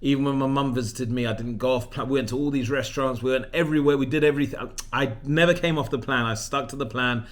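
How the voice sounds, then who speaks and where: A man, talking casually to camera and telling an animated, self-mocking story. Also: mid-range voice, quick pace, hardly any pauses. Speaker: vlogger. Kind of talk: casual vlog monologue.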